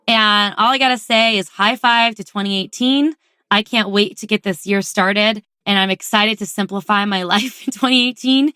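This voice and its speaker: A woman's voice: medium pitch, pushed and bright, clear, resonant tone, dry recording, studio quality. A woman hosting her own podcast, talking casually and effusively to her listeners and laughing now and then. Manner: bubbly and effusive, laughing often. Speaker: podcast host. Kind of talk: casual solo podcast talk.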